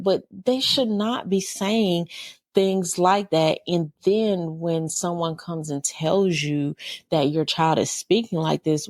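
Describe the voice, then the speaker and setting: A woman's voice: deep voice, darkish tone, no room sound, clean studio sound. A middle-aged woman, hosting a podcast in a casual monologue, candid and full of rhetorical questions. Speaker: podcast host.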